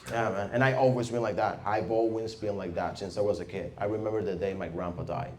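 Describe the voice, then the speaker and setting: A young Venezuelan man with a Spanish accent performing stand-up with deadpan, self-mocking delivery. His voice sits fairly low, and the club sound is roomy with a faint hiss underneath. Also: brisk. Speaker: stand-up comedian. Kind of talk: stand-up set. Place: comedy club stage with audience.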